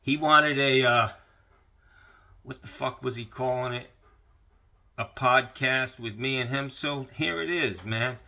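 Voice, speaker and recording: A man's voice: mid-range voice, unhurried, vocal fry, pauses often, pushed and bright. A man ranting casually into the camera, profane and rambling, with lots of fillers. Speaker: vlogger.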